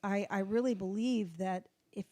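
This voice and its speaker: A woman's voice: mid-range voice, fairly even intonation, normal speed, darkish tone, dry recording. A woman in her seventies, a guest in a casual interview, telling candid stories and folksy sayings in a plainly conversational way. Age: 70s. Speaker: guest, folk singer in long recovery.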